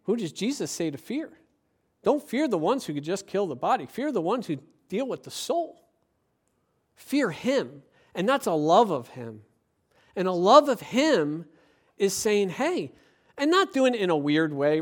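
Male pastor, high voice, animated sermon delivery with acted-out asides. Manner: lively, acts out quoted voices, rising to emphatic preaching.

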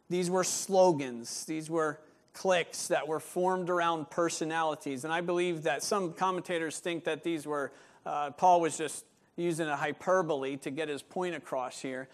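Pastor guy preaching, kinda high voice, acts out people's voices a lot. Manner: animated, acts out voices of church members. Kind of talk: sermon.

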